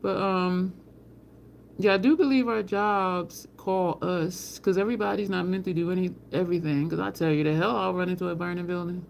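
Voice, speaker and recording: A woman hosting a relaxed live chat from home. She tells rambling stories and speaks straight to her viewers in a loose, conversational way. Faint street traffic drifts in through an open balcony window. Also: on the low side, moderate pace, vocal fry. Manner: rambling storyteller, addresses chat as y'all, frequent laughs. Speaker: livestream host. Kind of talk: casual live chat, answering viewer comments.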